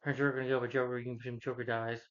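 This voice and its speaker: A man's voice: mid-range voice, little pitch movement, rapid-fire, fairly bright tone, highs cut off. A man giving a casual, opinionated movie review, rambling with many restarts and fillers.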